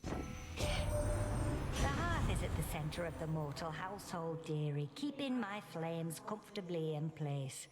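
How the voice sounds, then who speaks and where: An actress with a Northern English accent playing a warm, fiery, motherly hearth goddess who talks in a homely, teasing way. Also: sits low, sing-song, measured pace, loud music behind the voice. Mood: proud. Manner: homely, teasing, calls others dearie.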